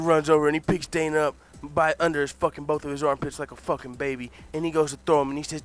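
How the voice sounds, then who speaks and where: A man improvising a comic fight story, animated, excitable and full of swearing. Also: a little high, quick pace, few pauses.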